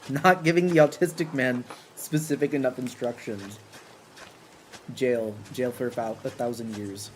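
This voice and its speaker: A man's voice: medium pitch, unhurried, a little hiss or hum, poor audio. A man streaming from home, chatting casually, reading viewer comments aloud and joking. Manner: lively, reads chat aloud and jokes. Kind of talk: casual livestream chat.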